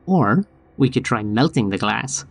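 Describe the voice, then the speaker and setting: A man playing a tabletop role-playing game who plans out loud with hesitant fillers. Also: mid-range voice, expressive, measured pace, gravelly. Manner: hesitant, many fillers while planning. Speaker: player.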